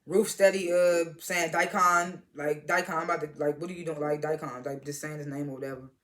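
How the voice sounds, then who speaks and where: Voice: mid-range voice, fairly even intonation, fairly quick, a bit bright. A speaker casually recapping a TV episode, retelling scenes as quoted dialogue, swearing freely and chuckling along. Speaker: TV episode reviewer.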